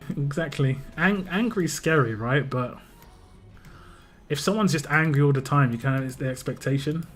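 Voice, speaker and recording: A man's voice: medium pitch, fairly bright tone. Laid-back English man chatting on stream. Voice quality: big, laid-back presence. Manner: rambling storytelling, frequent restarts and chuckles. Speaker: game livestreamer. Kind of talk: casual stream chat.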